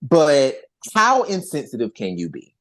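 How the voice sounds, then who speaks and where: A podcast host in casual chat, talking in an animated, rambling way with frequent restarts and swearing. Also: mid-range voice, measured pace.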